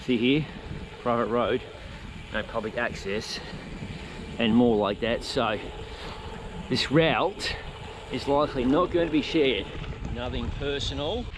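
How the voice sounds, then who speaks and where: Chatty cyclist filming outdoors. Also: male voice, medium pitch, slow, pauses often. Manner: chatty, talks to dogs and viewers while riding. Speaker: cycling vlogger. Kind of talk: casual ride vlog narration. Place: outdoors on rural roads while riding a bike. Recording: noisy outdoor camera audio.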